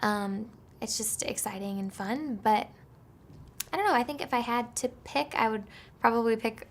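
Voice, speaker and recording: A woman's voice: fairly high pitch, normal speed. A woman being interviewed about her voice acting, talking casually with lots of fillers. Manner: chatty, full of fillers like "like" and "um". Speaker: actress interviewed about voice work.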